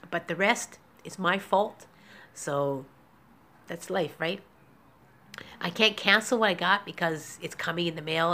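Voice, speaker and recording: A woman's voice: fairly low pitch, sharp tone. Candid, tearful woman vlogging at home. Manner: rambling, tearful, candid, with nervous laughs. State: emotional, near tears. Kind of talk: emotional personal vlog. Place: small apartment indoors.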